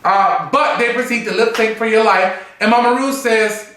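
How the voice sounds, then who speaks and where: A man's voice: high voice, moderate pace, hardly any pauses, very echoey, distant mic. A man reviewing a drag competition episode in a campy, sassy, chatty way, seated on a stool in a room. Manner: campy, sassy, animated, full of asides and mimicry. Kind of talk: casual review chat.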